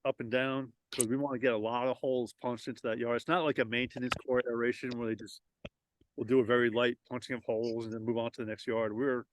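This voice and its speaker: A man's voice: medium pitch, flat delivery, quick pace. A man who runs a lawn renovation business, talking loosely in a casual interview with frequent restarts, outdoors at his home.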